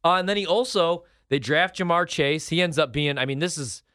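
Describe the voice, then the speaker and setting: A man co-hosting a sports chat show, with a bright, forward tone and a mid-range voice. He talks in a laid-back, chatty way and drifts into personal stories. The recording is dry and close. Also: fairly high pitch, a little fast, clean tone, no room sound. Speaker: co-host.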